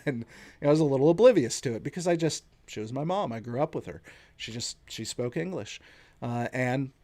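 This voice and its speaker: Warm-toned and fairly quick, a U.S. podcaster in his late thirties delivers his opinions alone on the mic with lively intonation at a medium pitch. His style is earnest and conversational.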